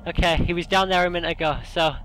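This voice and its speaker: A man's voice: a little high, steady tone, fast talker. A young man hosting a let's play, panicky and out of breath, swearing and jumpy as he plays. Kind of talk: casual gaming commentary. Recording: noisy home recording.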